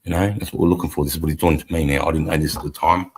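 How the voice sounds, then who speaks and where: Gravelly, very deep-voiced Australian man. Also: steady tone, very fast, few pauses, darkish tone, poor audio. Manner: profane, blunt war-story telling. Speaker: host, army veteran. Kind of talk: casual storytelling on a live stream.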